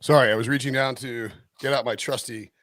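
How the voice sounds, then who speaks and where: A man of middling pitch co-hosts a casual sports betting podcast, rambling through his points with restarts and jokes. He often circles back mid-sentence before landing a thought. The recording is dry and close, with no room sound. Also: steady tone, a little fast, a bit bright, no echo. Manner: rambling, lots of restarts and "like", jokey. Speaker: podcast co-host, NFL betting analyst.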